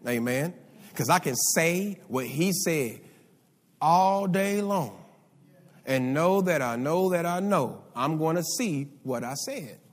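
A man's voice: on the high side, lively intonation, slow. A male pastor preaching a sermon, calling out for responses from the congregation. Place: church sanctuary. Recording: live hall reverb.

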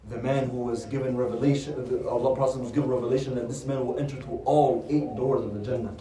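A man's voice: mid-range voice, steady tone, fast, hardly any pauses, dark tone. A man teaching a religious lesson, retelling a story and answering his own rhetorical questions. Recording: roomy sound from a distant mic.

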